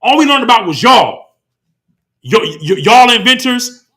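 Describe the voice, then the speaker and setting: A man's voice: very high voice, sing-song, measured pace, pushed and bright. A man preaching a sermon, heated and full of rhetorical questions, reading scripture between points. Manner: impassioned, rhetorical questions, slips into quoted voices. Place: congregation hall.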